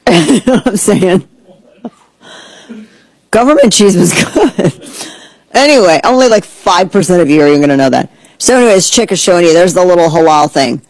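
A woman hosting a talk show, ranting in a sarcastic, animated way and slipping into mocking voices. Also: fairly low pitch, normal speed, pauses often, no room sound, rough recording. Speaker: podcast host. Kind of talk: casual opinion commentary.

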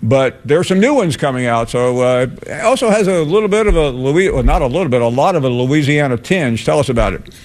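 A man hosting a sports TV show, interviewing a guest in a chatty, halting way with many restarts. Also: mid-range voice, animated, darkish tone. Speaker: sports TV host. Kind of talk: casual on-air interview.

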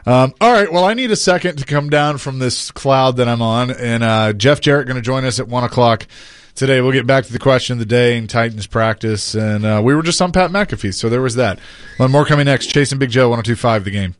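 A man hosting a sports radio show, relaxed and humble in casual chat. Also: mid-range voice, fairly quick, dry recording.

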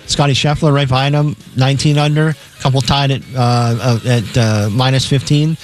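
A man's voice: medium pitch, steady tone, moderate pace. A man co-hosting a sports radio show, reading games and odds in a matter-of-fact way. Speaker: co-host reading betting lines. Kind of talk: casual sports radio chat.

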